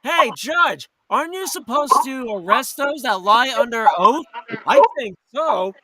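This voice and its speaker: High-voiced man ranting over loud noise. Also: animated, measured pace. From New York or Florida. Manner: profane, heated, indignant. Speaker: host. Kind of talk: angry live talk radio rant.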